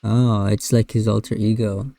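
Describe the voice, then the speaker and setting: A male streamer reacts to game chat logs with blunt, crude swearing and the odd Spanish aside. His voice is low and flat, with a dark, mellow tone. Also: moderate pace, gravelly, dry recording.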